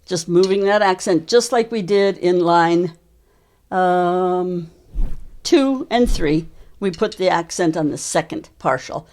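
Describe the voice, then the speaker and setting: A woman teaching a drum lesson, calmly explaining sticking patterns and counting beats aloud from behind her kit. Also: on the low side, slow pace. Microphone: mic worn while playing kit. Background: drum kit playing.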